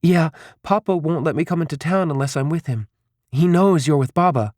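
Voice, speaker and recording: A man's voice: a little high, moderate pace, darkish tone, no echo, clean studio sound, pitched above the performer's own voice, close to an everyday voice. Man voicing a breezy, cheeky young woman. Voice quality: raised, lighter voice. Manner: breezy and teasing. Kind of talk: audiobook character reading.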